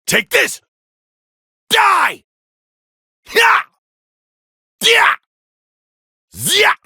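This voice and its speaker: An actor playing an arrogant, proud alien warrior prince, barking boastful taunts and battle cries in gravelly video game voice clips. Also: male voice, very high-pitched, pushed and bright, dry recording, studio quality, full character voice. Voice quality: gravelly, raspy. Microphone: close studio mic, dry.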